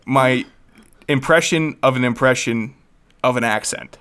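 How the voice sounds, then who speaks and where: A man's voice: medium pitch, unhurried, fairly bright tone, slight background noise. A man co-hosting a casual chat, joking and playfully scheming, laughing often.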